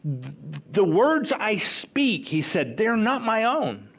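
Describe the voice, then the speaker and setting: A man preaching a sermon, slow and emphatic, with dramatic pauses. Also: high voice, very animated, creaky, breathy edge.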